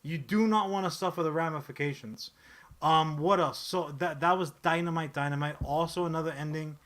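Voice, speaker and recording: Male podcast co-host, somewhat high, forceful voice, swears freely, loose rambling delivery. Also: fairly quick. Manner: animated, profane, rambling with frequent restarts. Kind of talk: casual pop-culture podcast chat.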